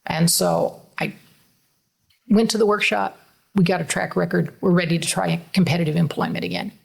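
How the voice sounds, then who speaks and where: A woman's voice: on the low side, normal speed, creaky, husky. A middle-aged woman, a mother co-hosting a podcast, talking in an earnest, emotional, conversational way. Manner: earnest, emotional, laughs through tears.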